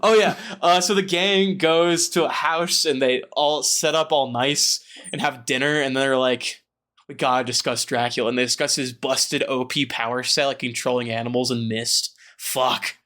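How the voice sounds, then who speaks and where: A man's voice: mid-range voice, fairly even intonation, normal speed, few pauses, a bit bright. A man hosting a casual book podcast, swearing a lot and joking as he sums up the chapter. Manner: profane, jokey, acts out characters in quotes. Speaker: podcast host.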